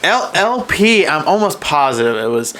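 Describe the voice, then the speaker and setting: A man's voice: a little high, normal speed, slight background noise. A man co-hosting a podcast, casually retelling a deer hunt and acting out what the deer were thinking. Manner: animated storyteller, acts out deer thoughts. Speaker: podcast co-host. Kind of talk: casual hunting story chat.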